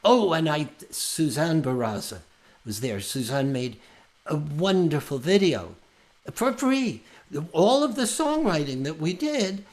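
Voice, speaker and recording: Earnest older man, lively pitch. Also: measured pace. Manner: earnest, rambling, restarts mid-sentence. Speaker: folk singer and songwriter. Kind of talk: heartfelt casual chat after a song.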